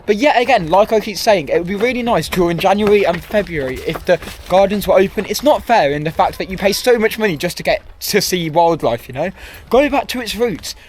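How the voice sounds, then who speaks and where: A man's voice: high voice, animated, fairly quick, slight background noise. A young man, vlogging outdoors at a theme park, ranting and rambling with frequent self-corrections. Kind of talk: walking vlog commentary. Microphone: handheld camera.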